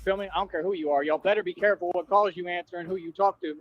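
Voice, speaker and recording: A man on a livestream races through a confrontational, slangy rant at his viewers, repeating himself as he goes. His voice is high-pitched with fairly even intonation, and the livestream audio is dull and dry.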